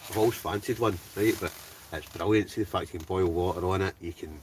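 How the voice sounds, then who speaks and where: A man's voice: low-pitched, fast talker, a little mellow, recorded from a distance, a little hiss or hum. A Scottish man livestreaming from a tent outdoors, chatting casually and greeting viewers by name as he reads their comments. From Scotland. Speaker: wild camping livestreamer. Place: hot tent outdoors behind his house.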